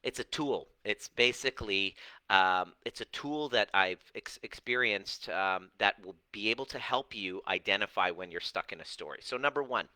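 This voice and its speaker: Male personal-growth coach, middle-aged, emphatic, lingers on key words, bright, dry close sound. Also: lowish voice, dry recording, low-quality recording. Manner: animated, emphatic, stretches key words slowly. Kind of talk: direct-to-camera coaching talk.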